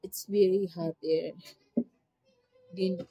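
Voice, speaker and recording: A woman's voice: fairly low pitch, steady tone, slow, warm tone, slightly rough, dry recording, soft background music, poor audio. A woman with a Filipino accent vlogging casually in broken English, emotional and plaintive, worn down by the heat. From Philippines. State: overheated from the heat. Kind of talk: casual vlog chat. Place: simple rural home in the tropics.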